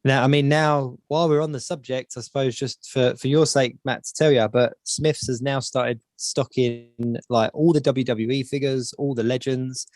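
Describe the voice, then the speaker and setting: A man's voice: medium pitch, fairly even intonation, normal speed, hardly any pauses, a little mellow, no room sound, clean studio sound. A man co-hosting a casual podcast chat, rambling and repeating words as he thinks. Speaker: podcast co-host.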